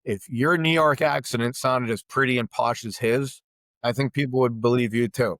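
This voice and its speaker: A man with a Boston accent, a golf coach explaining ideas in an animated way on a podcast over a video call. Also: medium pitch, normal speed, no room sound. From Boston area, USA.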